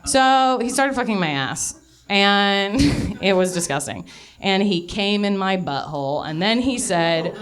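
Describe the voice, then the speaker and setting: A woman's voice: medium pitch, animated, a little slow, smooth. Young woman, stand-up comic, out of breath, rambling, self-mocking, swears a lot. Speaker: stand-up comedian. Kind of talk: live stand-up storytelling. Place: live comedy venue.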